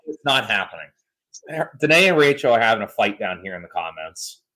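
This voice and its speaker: A man in his thirties hosting a podcast, telling stories in an animated, jokey way with some swearing. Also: on the low side, brisk, poor audio. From United States. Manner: animated storyteller, jokey and profane. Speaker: podcast host. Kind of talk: casual chat.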